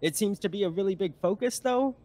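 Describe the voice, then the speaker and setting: A man's voice: high-pitched, fast, background noise. Rambling man telling a story. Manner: rambling, storytelling with many fillers and restarts. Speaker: guest. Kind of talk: casual stream chat.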